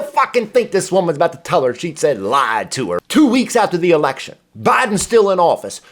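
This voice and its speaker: A man's voice: a little high, wildly swooping pitch, fairly quick, hardly any pauses, fairly bright tone. A man hosting a reaction commentary, ranting in a profane, exasperated way. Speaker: commentary host. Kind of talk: heated reaction rant.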